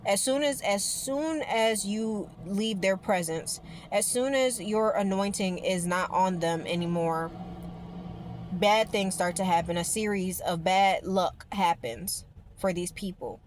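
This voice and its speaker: A woman's voice: mid-range voice, unhurried, a little hiss or hum. A woman vlogger talking casually to her viewers about spirituality, rambling and emphatic, with the odd swear word.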